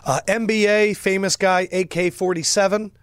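A man co-hosting a sports podcast, steering the casual chat with quick questions and numbers. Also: sits high, steady tone, clear, resonant tone, no echo. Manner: leads the talk with quick questions. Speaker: podcast co-host.

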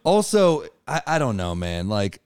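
A man's voice: lowish voice, measured pace, clear, resonant tone, dry recording, studio quality. A man with an American accent in brash, profane, casual podcast banter between comedians. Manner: brash, profane, animated storytelling.

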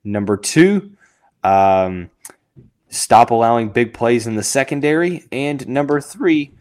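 A man hosting a sports podcast, thinking out loud with lots of fillers and restarts, who has the hiccups. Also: medium pitch, expressive, slow pace. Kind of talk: casual sports analysis podcast.

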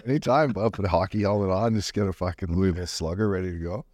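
A man co-hosting a podcast in casual chat, animated and swearing. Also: deep voice, fast talker. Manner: lively, swearing, animated talk. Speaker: podcast co-host.

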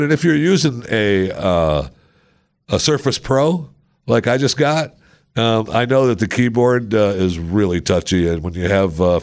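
A man hosting a podcast in a casual, wry, self-deprecating way, joking as he reads out listener reviews. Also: lowish voice. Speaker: podcast host.

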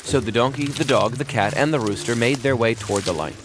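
A man telling a fairy tale for children, lively and a little wry, at a middling pitch. Gentle music sits underneath his narration. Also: a little fast. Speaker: storyteller.

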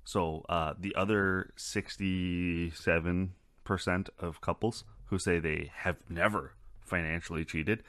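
Deep-voiced guy doing a casual podcast, cussing a lot, rambly, dry close mic. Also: fairly even intonation, slow, fairly bright tone, no echo. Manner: swears freely, rambling asides. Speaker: podcast host.

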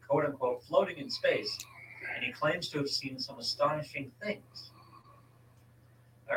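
A man's voice: mid-range voice, fairly bright tone, far from the mic. A man reads his notes aloud in a loose, chatty podcast style, correcting himself as he goes. He sits a little off the mic in a roomy space. There is a faint hum of ambience behind him. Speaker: podcast co-host reading a story. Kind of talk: casual podcast chat, reading from notes.

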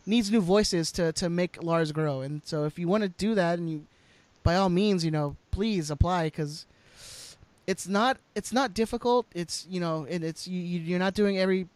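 A man's voice: high voice, moderate pace, a little mellow, no room sound. A man co-hosting a casual podcast chat, rambling with repeated words and fillers.

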